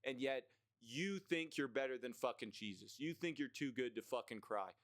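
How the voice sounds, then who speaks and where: A man's voice: medium pitch, lively intonation, normal speed, no room sound. A young man from the United States ranting through a list of dislikes in a blunt, profane, rambling way, with plenty of fillers. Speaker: vlogger.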